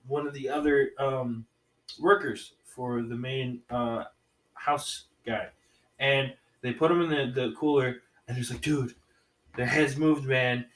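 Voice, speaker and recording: A man's voice: medium pitch, fairly even intonation, unhurried, fairly bright tone, roomy sound, distant mic, low-quality recording. A man casually retelling a movie plot on a podcast, rambling with many restarts. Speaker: podcast co-host reviewing movies.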